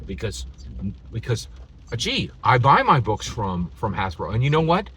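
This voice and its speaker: A channel host ranting in exasperated, sarcastic commentary, laughing between lines, with a slightly husky voice. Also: male voice, mid-range voice, big pitch swings, normal speed, a bit bright.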